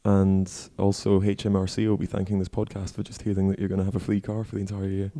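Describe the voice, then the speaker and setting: A young man with a fairly low voice co-hosts a relaxed podcast chat. He tells teasing anecdotes about his friend and laughs often. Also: fast talker. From British. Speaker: podcast co-host. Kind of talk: casual chat.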